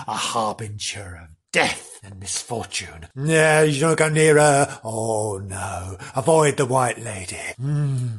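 A man hosting a comic spooky-story podcast, telling legends theatrically and swinging between gushing exclamations and hushed, sinister murmurs. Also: mid-range voice, breathy edge. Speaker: podcast host.

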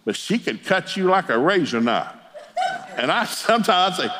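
A man's voice: high voice, big pitch swings, normal speed, noisy background. A middle-aged man, a Pentecostal preacher, telling humorous family stories in a sermon and chuckling as he talks. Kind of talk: folksy storytelling sermon.

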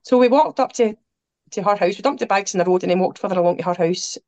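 A Scottish woman, a podcast guest, telling travel stories in lively conversation, acting out what people said and laughing along. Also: medium pitch, fast talker, dry recording, dull audio. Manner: animated, quotes people, laughs through her stories. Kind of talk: anecdotal storytelling chat.

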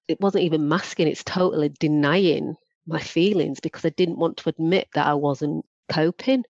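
Low-voiced woman, animated storyteller. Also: normal speed, no room sound. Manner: animated, acts out quoted voices. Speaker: guest, former probation practitioner. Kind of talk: candid podcast storytelling. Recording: dry, dull lo-fi audio.

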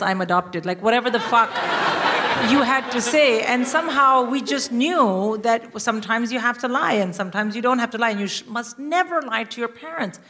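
A middle-aged woman telling a profane, animated comic story on stage. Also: on the high side. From India. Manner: animated, profane, punchy delivery with frequent laughter. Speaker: stand-up comedian guest. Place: live theatre stage with audience. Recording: loud background noise.

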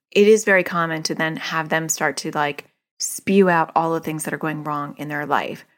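A middle-aged woman giving casual parenting advice to a listener, animated and often acting out what kids and parents say. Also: lowish voice. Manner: animated, acts out quoted voices of kids and parents. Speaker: parenting coach answering a listener.

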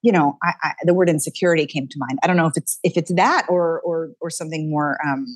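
A woman, a dialect coach talking energetically as a guest, thinking out loud with quick restarts. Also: low-pitched, dry recording, studio quality. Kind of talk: casual interview chat.

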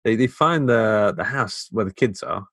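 A young man with a Midlands accent co-hosting a casual film podcast, laid-back and quick to chuckle. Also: lowish voice, lively intonation, a bit bright, no echo. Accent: English Midlands. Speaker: podcast co-host. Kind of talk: casual film review chat.

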